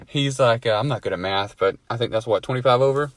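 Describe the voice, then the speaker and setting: A man's voice: medium pitch, normal speed, fairly bright tone, no room sound. Swearing man telling a wild story. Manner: swears a lot, laughs at his own story. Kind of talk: casual storytelling among friends.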